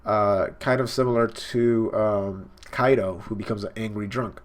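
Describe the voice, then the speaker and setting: A man's voice: on the low side, steady tone, measured pace. A man hosting a live reaction, reading a comic and talking casually with many fillers. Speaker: reaction video host.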